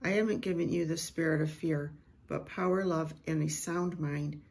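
A middle-aged woman, a Christian prophetic speaker, slowly and reverently reading a prophetic word and sharing a vision. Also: sits low, fairly even intonation, darkish tone, slightly rough.

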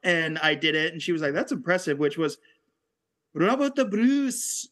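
A man's voice: a little high, steady tone, fast, bright, forceful tone. A man hosting a podcast, chatting casually, laughing often and trying to cut in. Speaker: podcast host. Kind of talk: casual chat.

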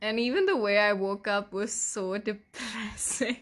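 A young woman hosts her own podcast, speaking unhurriedly in a medium-pitched voice. Her confessional monologue is candid and emotional, with frequent laughter and casual swearing, and at times she's teary, her voice breaking.

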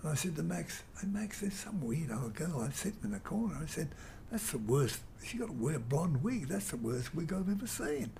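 An older man telling a rambling, animated story in an interview. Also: a little high, a little fast, vocal fry, hardly any pauses, a little hiss or hum. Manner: rambling, animated storyteller who mimics guitar sounds. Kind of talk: reminiscing anecdote.

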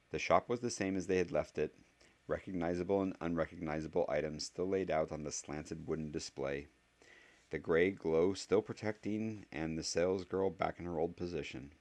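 A man narrating a fan audiobook in a steady storytelling manner. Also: very deep voice. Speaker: audiobook reader.

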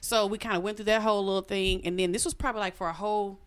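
A woman telling a personal story in casual chat, animated and frank, swearing freely. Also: rapid-fire, clear, resonant tone. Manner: animated, swoops her voice high when reenacting.

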